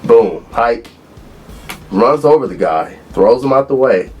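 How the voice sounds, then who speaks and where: A man in his thirties from Los Angeles, a former college football player, relaxed as he tells stories in an interview. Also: medium pitch, takes it slowly, highs cut off, a little hiss or hum. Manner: relaxed storyteller who acts out quotes. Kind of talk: interview reminiscing.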